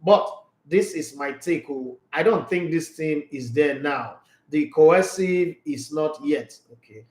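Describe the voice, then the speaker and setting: A man's voice: on the high side, a little slow, darkish tone, reverberant. A man with a Nigerian accent hosting a casual sports live stream, bantering and reading viewer comments aloud. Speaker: sports channel host.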